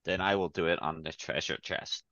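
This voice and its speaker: Super deep guy playing tabletop, bright edgy voice, unsure, asks lots, dry and muffled. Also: steady tone, moderate pace, dry recording. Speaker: player. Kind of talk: casual tabletop play.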